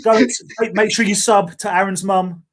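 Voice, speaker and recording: A man's voice: high-pitched, fairly even intonation, fairly quick, slight background noise. A man hosting a live podcast, joking and bantering in stop-start sentences. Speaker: podcast host. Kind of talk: casual chat on a live stream.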